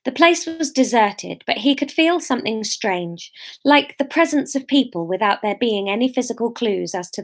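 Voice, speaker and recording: A woman reading her own novel aloud in a casual live stream, breaking off for chatty, giggly asides. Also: medium pitch.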